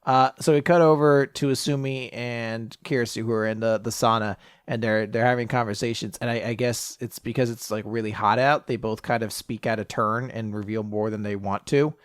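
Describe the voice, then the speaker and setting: A man co-hosting a casual manga podcast, recapping a chapter in a lively, animated way and jumping up in pitch to quote characters. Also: fairly quick, few pauses, smooth, no echo, clean studio sound. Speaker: podcast co-host.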